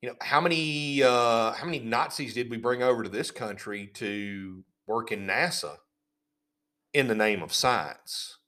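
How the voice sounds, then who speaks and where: A man's voice: mid-range voice, a little slow, bright, forceful tone. A man hosting a podcast, ranting in an indignant, sarcastic tone and often repeating words as he goes. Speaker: podcast host. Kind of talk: casual ranting commentary.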